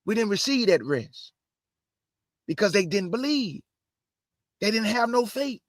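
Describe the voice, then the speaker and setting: A man preaching from the Bible, mixing scripture reading with slangy asides and shouted bursts. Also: high-pitched, big pitch swings, a little slow, dry recording, clean studio sound. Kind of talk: energetic street-style Bible preaching.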